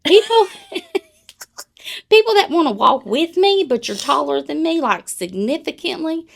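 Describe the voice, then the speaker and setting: A woman's voice: high-pitched, very animated, unhurried, creaky. A woman, co-hosting a podcast in casual, blunt, profane chat. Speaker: podcast co-host.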